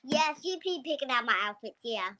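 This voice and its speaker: A woman's voice: high-pitched, animated, brisk, background noise. A young girl from Ohio, a podcast guest, answering questions chattily and often saying "like". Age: child. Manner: chatty, with lots of "like". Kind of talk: interview answers.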